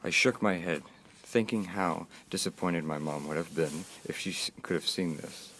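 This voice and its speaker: Deep-voiced man narrating a war story. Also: fairly bright tone, slight background noise. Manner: measured storytelling. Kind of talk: scripted narration.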